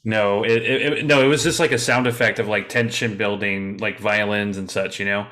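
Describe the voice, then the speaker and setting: A man in a casual podcast discussion, telling an animated story with hesitant restarts. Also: on the low side, moderate pace. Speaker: podcast guest.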